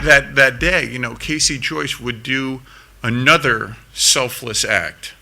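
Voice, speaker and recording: With a bright, forceful mid-range voice, a middle-aged American veteran stands on a conference stage narrating a combat story. He speaks earnestly, and repeated words creep in as his pace rises.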